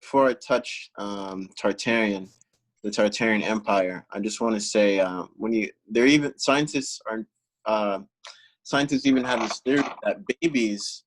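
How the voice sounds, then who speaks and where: A man's voice: lowish voice, moderate pace, low-quality recording. A man chatting as a guest, musing hesitantly with many fillers and restarts. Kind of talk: casual group chat.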